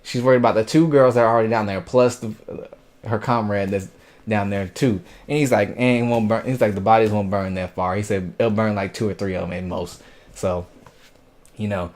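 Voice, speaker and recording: A man with a fairly low voice talks through an anime episode in a loose, casual way. He retells the scenes with energy, dropping into quoted lines and sound effects as he goes. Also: steady tone, a little fast, a little mellow. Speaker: anime reviewer.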